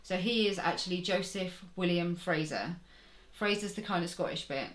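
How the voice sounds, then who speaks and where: A woman's voice: fairly low pitch, normal speed, fairly bright tone, roomy sound. A woman chatting casually in a family vlog, often ending with tag questions that invite agreement. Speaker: vlogger parent. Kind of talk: casual chat.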